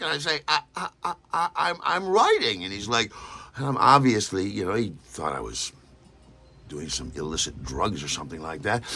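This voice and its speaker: A man hosting a podcast and telling a story in a casual way, animated and stammering as he acts out other people's lines. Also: mid-range voice, creaky. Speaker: podcast host.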